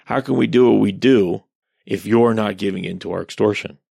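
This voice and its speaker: A man's voice: fairly low pitch, brisk, creaky, a little mellow, no room sound, clean studio sound. A man voicing a male Italian mafia boss in a mocking, exaggerated gangster whine.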